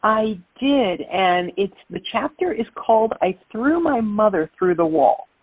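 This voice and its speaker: A middle-aged woman from Brooklyn, a guest telling lively stories in an interview. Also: medium pitch, a little slow, breathy edge, no room sound. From Brooklyn, New York. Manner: lively, animated storyteller. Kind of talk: interview storytelling. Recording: tinny phone-like line.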